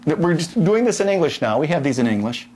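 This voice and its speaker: Man, middle-aged, Latin teacher, classroom lecture, slightly high voice, folksy, jokey asides, halting restarts. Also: very animated, darkish tone, slight background noise.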